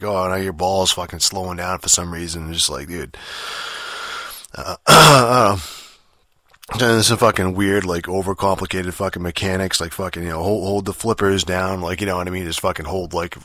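A man's voice: low voice, bright, forceful tone, no echo. A man in a rambling casual rant about a game, swearing constantly and filling every gap with fillers. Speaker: game reviewer.

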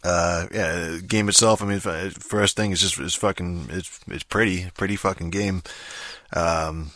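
A man's voice: sits low, steady tone, unhurried, a bit bright, dry recording, clean studio sound. A man ranting casually about a game release, rambling and frustrated, swearing constantly. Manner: profane, rambling, frustrated, heavy swearing and fillers. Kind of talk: casual rant to camera.

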